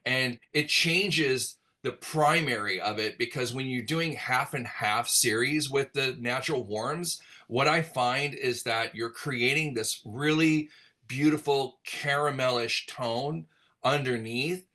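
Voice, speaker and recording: Bright-voiced man explaining hair color. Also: mid-range voice, takes it slowly. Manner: relaxed, rambling explanation with many fillers. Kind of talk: virtual class talk.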